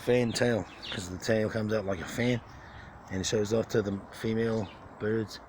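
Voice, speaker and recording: A man's voice: lowish voice, steady tone, moderate pace. A man filming his birds on a phone in an outdoor aviary, joking crudely and talking straight to them. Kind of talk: casual profane vlog. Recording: noisy with birdsong.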